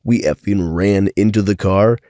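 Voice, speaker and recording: A man narrating first-person stories as a story reader, sounding a bit sick with a cold and keeping a steady reading pace. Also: lowish voice, measured pace, no echo, studio quality.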